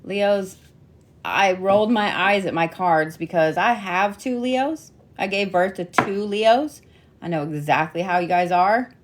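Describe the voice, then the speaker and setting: This tarot and zodiac reader, a middle-aged woman whose voice sits on the low side, chats her way through a weekly zodiac card reading with slight noise in the background. Her tone is playful and teasing, and the profanity comes frequently.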